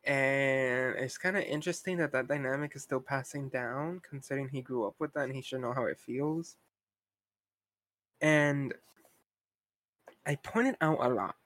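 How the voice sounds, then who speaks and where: A man's voice: medium pitch, normal speed, long pauses, fairly bright tone. A young man co-hosting a podcast, talking in a casual, frustrated rant full of "like" and asides. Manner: frustrated ranting, heavy use of "like". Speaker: podcast co-host. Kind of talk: casual chat.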